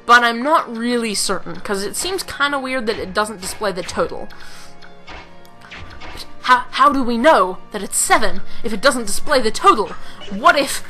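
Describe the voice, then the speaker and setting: A woman's voice: fairly high pitch, bright, forceful tone. A woman giving casual, rambling gameplay commentary, joking at her own expense and giggling often. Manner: rambling, self-mocking, giggly. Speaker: let's play commentator.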